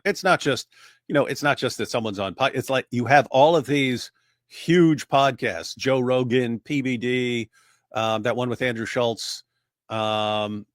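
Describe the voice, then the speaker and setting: A man's voice: mid-range voice, a bit bright, no room sound, studio quality. A man chatting casually on a livestream, telling rambling anecdotes with lots of filler words. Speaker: co-host.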